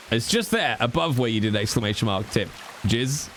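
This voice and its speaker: A man's voice: medium pitch, animated, moderate pace, fairly bright tone, a little hiss or hum. A male livestreamer chatting casually with his viewers in a teasing, mock-exasperated way. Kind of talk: casual chat with stream viewers.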